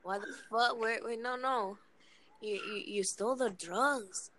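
A woman acting out a hot-tempered young drug dealer who rants and curses at his relatives. The voice sits a little high. It is a comic skit dropped into casual chat. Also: measured pace, bright, forceful tone. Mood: angry ranting. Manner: angry cursing rant.

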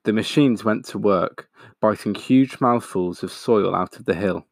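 A man reading a picture book aloud in a steady, expressive way, pointing out the pictures. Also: fairly low pitch, a little slow, no room sound, clean studio sound. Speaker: storyteller.

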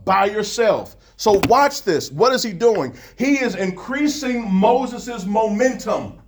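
A high-pitched man preaching in a lively, talk-to-the-people style. He reads scripture at a quick clip and keeps breaking off into asides, his voice ringing in an echoey church. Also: noisy background. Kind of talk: sermon. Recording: echoey room.

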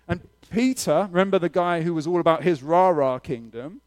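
A man preaching a sermon as pastor, conversational and animated, with sudden loud emphasis. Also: fairly high pitch, moderate pace.

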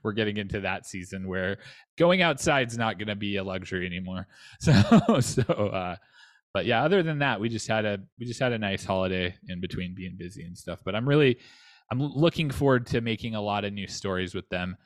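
A man's voice: on the low side, expressive, fairly quick, dry recording. A man who lives in North Texas, chatting casually as a podcast co-host, rambling with lots of restarts and fillers. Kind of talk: casual chat.

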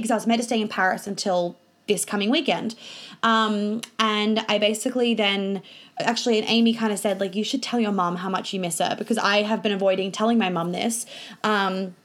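Woman, young, casual vlog, chatty, lots of fillers, swears, medium pitch. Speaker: vlogger and coach.

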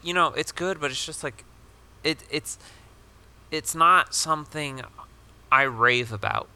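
A man's voice: on the high side, a little slow, sharp tone, clear, resonant tone. A young man co-hosting a casual podcast chat, rambling with lots of fillers and casual swearing. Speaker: podcast co-host.

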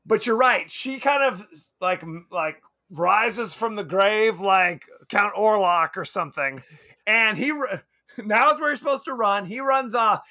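A man's voice: high voice, a little slow. A man co-hosting a podcast, chatting casually about a movie, laughing often and acting out lines of dialogue. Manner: animated, laughs often, acts out quotes. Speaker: podcast co-host. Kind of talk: casual movie review chat.

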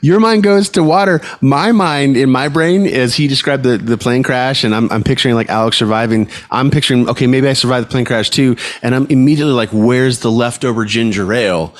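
A man's voice: mid-range voice, brisk, few pauses. A man co-hosting a podcast in casual chat. He rambles through silly scenarios and breaks into hard laughter. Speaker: podcast co-host. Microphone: headset, unplugged at one point.

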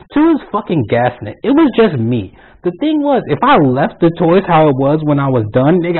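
A young man telling a work story on his channel, blunt and animated, swearing constantly. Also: on the high side, slightly rough. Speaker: vlogger. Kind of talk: profane storytime rant. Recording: tinny lo-fi phone-like sound.

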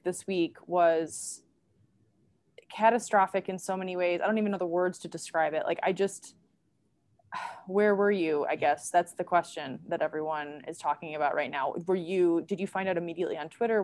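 A woman co-hosting a podcast in casual chat, chatty and quick to laugh. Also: lowish voice, a little mellow. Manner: chatty, laughs often, fillers. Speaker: podcast co-host.

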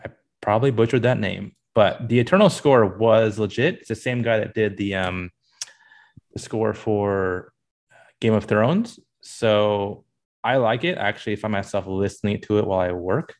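A man co-hosting a podcast in a relaxed, enthusiastic chatty way. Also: fairly low pitch, moderate pace. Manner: enthusiastic, laid-back, many fillers. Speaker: podcast co-host. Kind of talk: casual chat.

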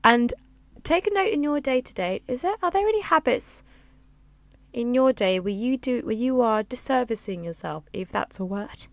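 A woman hosting a reflective solo podcast, speaking softly and close to the microphone, her voice low, resonant and a little raspy. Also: animated, moderate pace, no room sound. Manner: soft-spoken, close to the mic. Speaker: podcast host. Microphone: close-up studio mic with pop filter.

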